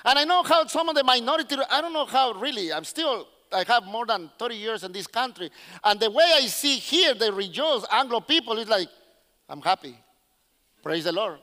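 High, bright-voiced animated male preacher. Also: fairly quick, long reverb tail. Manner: animated storyteller who acts out characters; non-native English with slips. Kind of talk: sermon.

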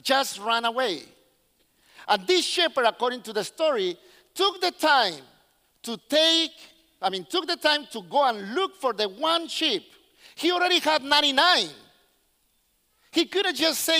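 Man preaching, very high voice, bright tone, long hall reverb, english. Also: measured pace, long pauses. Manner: animated storyteller who acts out characters; non-native English with slips. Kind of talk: sermon.

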